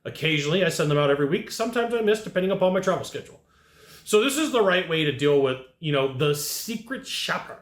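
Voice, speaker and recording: A man's voice: on the high side, animated, quick pace. A man coaching salespeople in a blunt, punchy way, speaking straight to his audience and acting out customers' lines. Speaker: sales trainer. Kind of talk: direct-to-camera sales coaching. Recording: echoey room.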